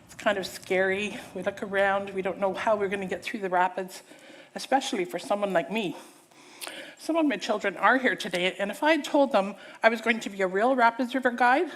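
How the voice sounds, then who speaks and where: Speaking fairly quickly with a medium pitch, a woman preaches a sermon in church. Her delivery is animated and theatrical as she performs a story in different voices and pulls the congregation along.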